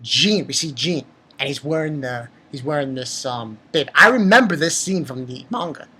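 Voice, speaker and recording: Swearing and exclaiming, this woman gives an excited, animated review of an anime episode. She speaks at a moderate pace in a low-pitched, slightly rough voice.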